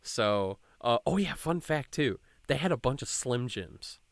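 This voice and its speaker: A man's voice: medium pitch, expressive, unhurried, creaky, dry recording. A young man hosting a podcast, telling a rambling, swear-filled story in casual chat and quoting people along the way. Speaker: podcast host.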